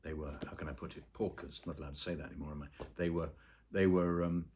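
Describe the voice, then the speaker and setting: A man with a very low, deep voice tells long anecdotes in a relaxed interview. He rambles with plenty of ums and uhs and slips into the voices of the people in his stories. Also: fast talker. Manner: rambling storyteller with many fillers, acts out quoted voices. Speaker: actor and voice-over artist interviewed.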